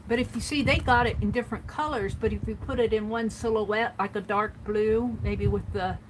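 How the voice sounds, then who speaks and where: A woman vlogger casually chatting through her craft supply haul and tallying up prices out loud as she thinks. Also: mid-range voice, fairly even intonation, normal speed, slight background noise, rough recording.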